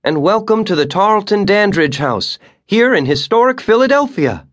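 A man's voice: high-pitched, big pitch swings, moderate pace, a bit bright, pitched above the performer's own voice. A male narrator voicing a friendly young woman working as a tour guide, speaking playfully. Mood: welcoming.

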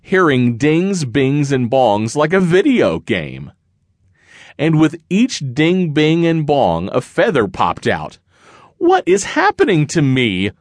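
A man's voice: on the high side, sing-song, takes it slowly, no room sound, clean studio sound. A man narrating a rhyming children's picture book in a sing-song read-aloud manner. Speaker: audiobook narrator.

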